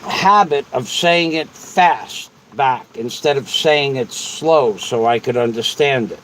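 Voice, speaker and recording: A man's voice: mid-range voice, slow pace, a bit bright, slight background noise, poor audio. A man hosting a casual livestream, rambling and repeating himself as he answers viewers. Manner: rambling and repetitive. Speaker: livestream host.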